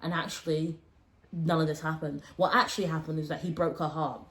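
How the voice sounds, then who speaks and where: A young woman hosting a casual storytime podcast, talking animatedly and dropping low and hushed when she quotes people. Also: brisk. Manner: animated, swings between raised exclaiming and low, hushed quoting. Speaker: podcast host.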